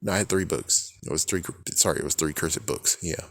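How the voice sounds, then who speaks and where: Young guy vlogging, low voice, rambly and sweary, laughs a lot, dry close sound. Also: brisk, fairly bright tone, no room sound. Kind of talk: casual rambling monologue.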